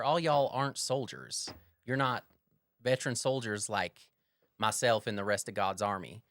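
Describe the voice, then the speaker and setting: Imagine a defiant holy warrior, accused of a crime, talking back bluntly to a crowd, as a player speaks in character. His voice sits at a middle pitch and sounds dry and close to the mic. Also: fairly bright tone, no room sound.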